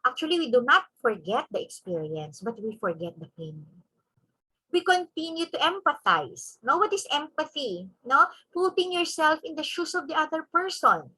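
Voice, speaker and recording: Animated, bright-voiced Filipina woman lecturing. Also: high voice, rough recording. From Philippines. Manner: emphatic, switches between English and Tagalog, frequent "no?" tag questions. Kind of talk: convention lecture.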